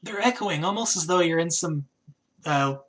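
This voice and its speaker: A man's voice: on the high side, normal speed, a bit bright. A man narrating as game master in a tabletop game, talking casually with frequent hesitations. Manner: casual, hesitant, lots of "kinda".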